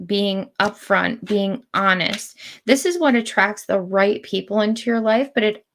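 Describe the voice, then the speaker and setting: A woman with a mid-range voice gives spiritual readings on a live stream. She speaks in slow, deliberate phrases that she draws out.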